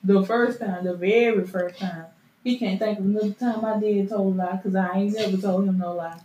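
A woman's voice: medium pitch, fairly even intonation, fairly quick, dark tone, dull audio. A woman co-hosting a podcast, talking casually and insistently, with many restarts. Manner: defensive, insistent, rambling restarts. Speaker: podcast co-host. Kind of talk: casual chat. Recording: echoey room with faint noise.

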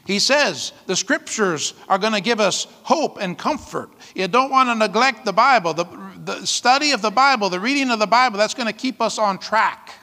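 A man preaches a sermon with a high, bright voice that carries a long reverb from the hall around him. His delivery is lively and conversational, and he keeps checking in with the congregation. He breaks into light laughter between his points. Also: moderate pace, hardly any pauses. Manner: lively preaching, frequent "amen?" calls, laughs often. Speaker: pastor.

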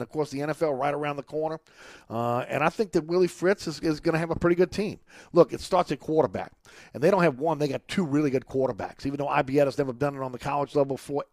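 A man's voice: fairly high pitch, no room sound. A man hosting a sports radio show, talking casually and reading ads with fillers and restarts. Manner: chatty, salesy, lots of fillers and restarts. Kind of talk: casual sports talk and live ad reads.

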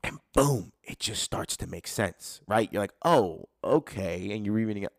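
A man's voice: mid-range voice, quick pace, gravelly, hardly any pauses, no echo, studio quality. A man hosting a solo podcast, ranting casually with lots of swearing and acting out people's inner voices. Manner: casual, profane, animated, acts out quoted inner voices. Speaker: podcast host.

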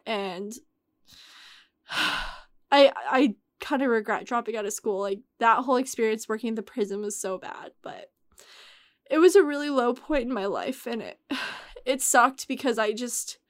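A young woman in her twenties talks as a podcast guest with a slightly raised pitch. She keeps a loose, chatty flow full of fillers and sounds close to tears. The recording is dry and close. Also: a bit bright, no echo. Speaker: guest telling her story. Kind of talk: casual podcast chat.

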